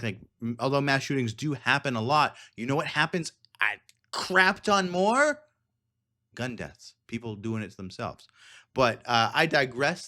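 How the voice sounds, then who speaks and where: A man's voice: medium pitch, pushed and bright. A man hosting a casual commentary podcast, rambling and digressive with frequent laughs. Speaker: podcast host.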